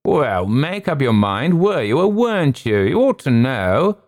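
A man voicing a tipsy older male wing commander who drawls slowly and impatiently in an audiobook reading. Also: mid-range voice, sing-song, a little mellow, pitched above the performer's own voice. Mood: drawling, tipsy. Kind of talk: audiobook character voice.

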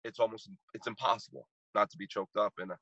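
A man's voice: lowish voice, steady tone, fast talker, sharp tone, no room sound, dull audio. A man in his thirties, a podcast guest and motivational speaker, telling a heartfelt story with emphatic repetition while choked up. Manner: emphatic, repeats phrases for impact.

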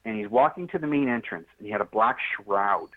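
A man guest on a podcast interview telling a story in a straightforward, animated way and acting out the dialogue. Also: lowish voice, fairly quick. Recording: tinny phone line.

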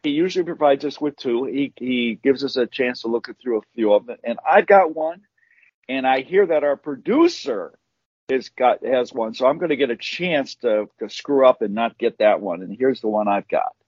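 Guy co-hosting a podcast, chatty and rambly, bit husky, dry dull sound. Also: normal speed, dry recording. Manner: chatty, rambling, lively pitch swings. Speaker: podcast co-host. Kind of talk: casual chat.

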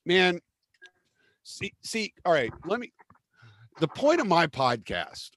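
Profane ranting man, high voice. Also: big pitch swings, slow, fairly bright tone, no echo. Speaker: podcast host. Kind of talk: casual podcast chat.

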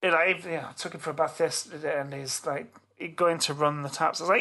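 A middle-aged man on a podcast, telling a story in casual chat with animated, swearing delivery. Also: fairly high pitch, fast, hardly any pauses. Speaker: podcast co-host.

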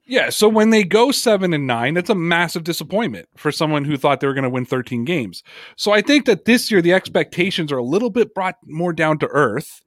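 A man's voice: on the high side, expressive, brisk, no echo, studio quality. A man co-hosting a sports podcast, talking casually and emphatically, repeating words for effect. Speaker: podcast co-host.

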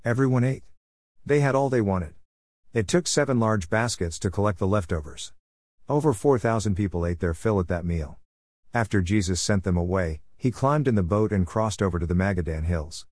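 A man reading Bible passages aloud in a steady scripted way, calling out the verse numbers as he goes. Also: on the low side, moderate pace, no echo, studio quality. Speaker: Bible reader.

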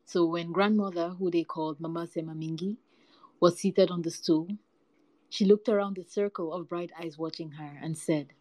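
Low-voiced woman reading folktales. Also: normal speed, no room sound, poor audio. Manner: lively, varied storytelling delivery. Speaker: storyteller.

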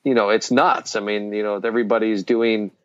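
A man's voice: lowish voice, little pitch movement, a little fast, fairly bright tone, muffled recording. A man co-hosting a casual business chat, rambling with lots of fillers and restarts. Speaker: podcast co-host.

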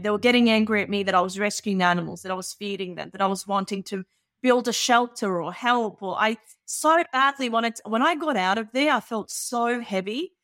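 This is a woman, talking as an interview guest. Her stories come out earnest and animated, often broken up with little "you know"s. Her pitch sits mid-range and the sound is close and dry. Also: a little fast, dry recording. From Balkans. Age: 30s. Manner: earnest and animated, with many filler phrases. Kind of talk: candid personal storytelling.

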